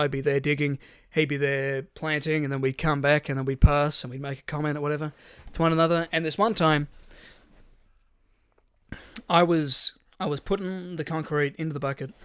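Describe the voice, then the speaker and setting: Aussie guy rambling through a work story, bright tense voice, swears a lot, dry close sound. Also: a little high, fairly even intonation, normal speed, clean tone, no room sound. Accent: Australian. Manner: rambling, swears freely, acts out voices in quotes. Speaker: podcast co-host. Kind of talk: casual storytelling chat.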